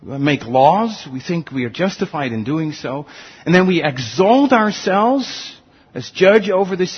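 A man's voice: slightly rough, dull audio. A male pastor preaching a sermon, earnest and full of rhetorical questions. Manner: earnest, rhetorical questions, animated swings in pitch.

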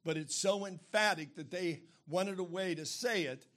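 A man's voice: sits high, moderate pace, fairly bright tone. A man preaching a sermon, explaining terms plainly and pressing his points with emphatic rhetorical questions.

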